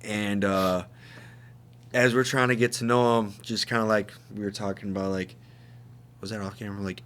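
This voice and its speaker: A man with a bright, forward voice tells a rambling story in casual podcast chat. He laughs often, swears freely and acts out the lines of the people in it, over a faint background hum. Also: fairly low pitch. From United States. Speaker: podcast co-host.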